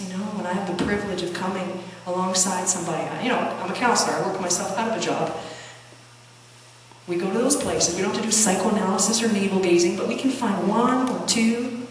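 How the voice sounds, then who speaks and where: A woman's voice: medium pitch, a little hiss or hum. A woman counselor giving a conversational conference talk, telling stories with many restarts and acting out quoted dialogue. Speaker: Christian counselor and conference speaker. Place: large conference hall. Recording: echoey hall heard from a distance.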